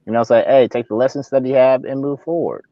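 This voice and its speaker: A man's voice: mid-range voice, fast talker, dry recording. A man rants through casual commentary on a live talk show, circling back and restarting his points. His voice sits in a middle range. It is recorded close and dry, with a slightly muffled, dull tone. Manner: rambling, repeats and restarts, animated ranting.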